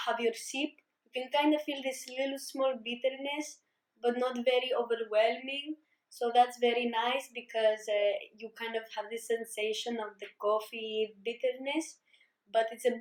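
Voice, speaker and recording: A woman with a fairly high voice hosts a comedic cooking demo in an exaggerated put-on Greek accent. She coaxes the viewer through each step with mock-serious, repetitive instructions. She is heard from a distance in an echoey room with a faint ambient hum. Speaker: host demonstrating a recipe.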